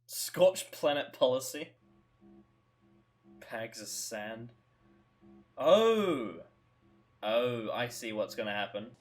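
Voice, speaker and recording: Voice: medium pitch, animated, slow pace, long pauses. A host giving casual, rambling reaction commentary, stammering and laughing often between thoughts. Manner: swears casually.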